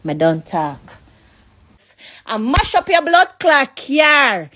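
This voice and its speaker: A woman's voice: sits high, sing-song, takes it slowly, sharp tone, slight background noise. A woman with a Jamaican accent ranting heatedly in a voice note, cursing and repeating herself. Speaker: person in a leaked voice note.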